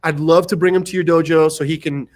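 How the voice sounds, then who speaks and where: A man with a high voice tells a casual story as a podcast guest. He slips into quick impressions of the people involved and breaks into laughter between lines. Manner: animated anecdotes, acting out other people's lines and laughing often. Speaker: martial arts instructor, podcast guest.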